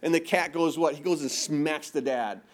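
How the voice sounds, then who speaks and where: A man's voice: fairly high pitch, moderate pace. A middle-aged male pastor preaching a sermon, asking rhetorical questions and repeating words for emphasis.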